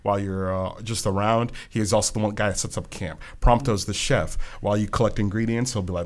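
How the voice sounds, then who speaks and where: A man co-hosting a podcast in casual chat, animated and quick to laugh, with lots of "like" fillers. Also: fairly low pitch. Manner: animated, laughing often, heavy use of "like". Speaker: podcast co-host.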